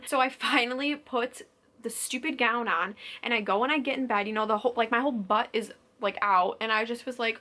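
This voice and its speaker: A young woman vlogs a chatty story to camera, voice a little high, brisk, bright and forceful. She drops "like" nonstop and performs other people's quotes.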